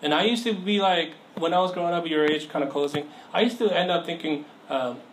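A young man serving as a youth pastor gives a casual sermon, telling a story conversationally and acting out the voices in it. His voice is on the high side and fairly quick, and the poor audio carries faint background noise.

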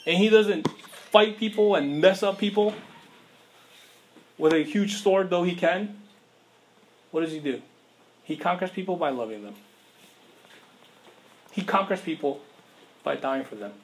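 A man's voice: sits high, lively intonation, measured pace, long pauses, slight background noise. A man preaching a sermon in a casual, conversational way, with slang and rhetorical questions to the listeners.

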